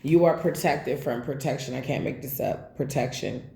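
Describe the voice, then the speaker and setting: A woman's voice: extremely low pitch, moderate pace, vocal fry, warm tone. A woman giving a casual tarot reading, calling out cards and talking bluntly, with frequent swearing. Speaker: tarot reader. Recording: roomy echo with faint background noise.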